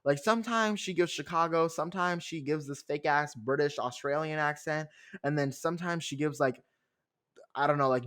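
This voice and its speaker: A young man hosting a podcast who recaps a reality show alone in a chatty, sarcastic way, full of fillers. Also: fairly high pitch. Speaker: podcast host. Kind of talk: casual solo recap.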